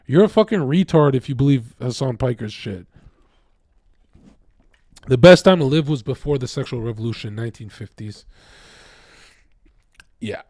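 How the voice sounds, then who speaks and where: A man in a mid-range voice rants at his viewers, profane and combative. He jumps from loud outbursts to low mutters, and the sound is dry and close with no room. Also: expressive, moderate pace, long pauses, no echo. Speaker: streamer. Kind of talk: casual ranting to viewers.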